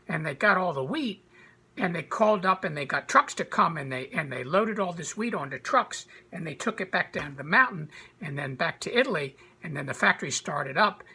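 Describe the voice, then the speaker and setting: A woman tells an improvised story for children in a very husky, raspy voice. Her pitch leaps around with lively energy, and her tone is bright and forceful. She stumbles and repeats words as she goes. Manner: animated, with frequent restarts and repeated words.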